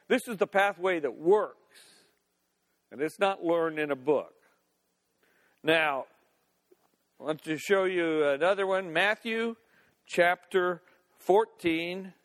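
Guy preaching, high voice, folksy jokes, church hall reverb. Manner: folksy, with playful asides and laughter. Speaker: pastor. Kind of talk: sermon.

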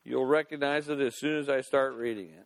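A man's voice: mid-range voice, fairly even intonation, brisk, gravelly. A man preaching a sermon in a folksy, playful way with laughing asides, recorded in a church sanctuary. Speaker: pastor. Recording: long reverb of a church hall.

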